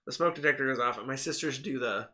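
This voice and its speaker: A man co-hosting a podcast in casual chat, telling animated stories, laughing often and mimicking the people in them. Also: mid-range voice, quick pace. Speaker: podcast co-host.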